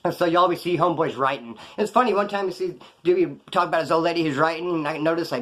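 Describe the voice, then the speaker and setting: Fast-talking man spinning profane street stories. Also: on the high side. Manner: profane street slang, rambling, animated. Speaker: former prisoner telling stories. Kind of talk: casual storytelling to camera.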